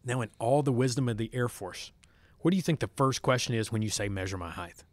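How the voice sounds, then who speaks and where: A man's voice: medium pitch, lively intonation, fast talker, no room sound. A man telling his story as a podcast guest, acting out quoted dialogue. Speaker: podcast guest, former fighter pilot. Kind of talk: storytelling interview. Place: studio. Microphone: studio mic.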